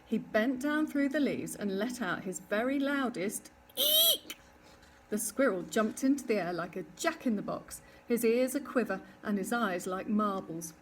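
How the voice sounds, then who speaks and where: Expressive woman reading a children's story. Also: on the high side, measured pace, a little hiss or hum. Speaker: narrator. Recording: distant mic with faint ambience.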